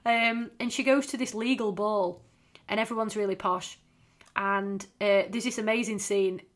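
A woman's voice: mid-range voice, fairly even intonation, moderate pace. A woman, chatting casually and swearing freely as a podcast co-host. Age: 30s. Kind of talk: casual chat.

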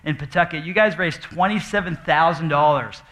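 Bright-voiced nervous male pastor. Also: on the high side. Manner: halting, full of fillers and restarts, joking. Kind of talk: casual church announcements and live Q&A. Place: church auditorium with audience.

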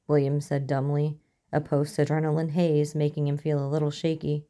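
Woman storyteller, low and mellow, steady audiobook delivery. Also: moderate pace. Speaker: narrator. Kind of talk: audiobook reading of fiction.

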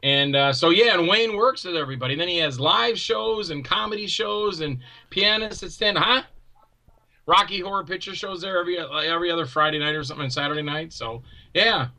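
Bright, animated man telling stories. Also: high-pitched, fairly quick, low-quality recording. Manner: animated storyteller, acts out quoted voices loudly. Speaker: guest filmmaker. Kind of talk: casual chat.

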